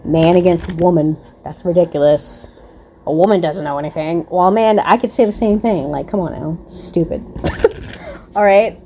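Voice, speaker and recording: A woman's voice: lowish voice, moderate pace, warm tone, slight background noise. Blunt, profane woman tarot reader. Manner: blunt, profane, laughing asides. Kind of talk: casual tarot reading vlog.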